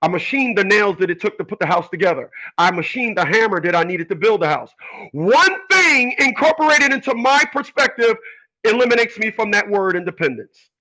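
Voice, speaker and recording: A man's voice: high-pitched, lively intonation, brisk, sharp tone, low-quality recording. A man hosting his own channel, talking in a rambling, preachy and confrontational monologue full of restarts. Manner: rambling, repeats and restarts, argues with imagined people. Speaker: channel host giving opinions. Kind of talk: casual monologue.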